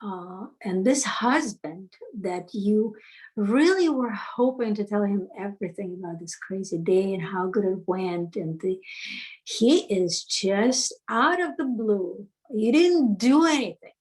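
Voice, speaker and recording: Slow, deliberate woman coaching. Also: mid-range voice, lively intonation, poor audio. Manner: storytelling with many fillers and restarts. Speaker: self-help coach. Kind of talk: unscripted teaching talk.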